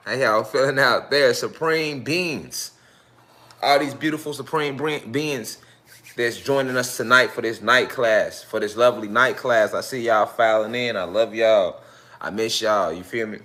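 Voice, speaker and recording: A man hosting a casual livestream as a spiritual teacher, talking in a loose, slangy, profane and repetitive way. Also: normal speed. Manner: animated, jumps into high-pitched voices when quoting fans.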